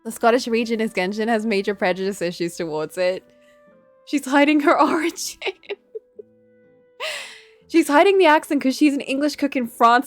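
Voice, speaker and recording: A woman's voice: a little high, moderate pace, pauses often, no echo. A woman streaming a game, chatting casually and joking with frequent giggles. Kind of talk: casual live-stream commentary. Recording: game music behind.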